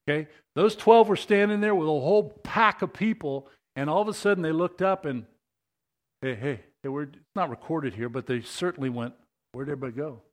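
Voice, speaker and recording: Lively, animated male preacher. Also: on the high side, a little fast, few pauses. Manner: animated, conversational, asks the congregation questions. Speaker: pastor. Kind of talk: sermon.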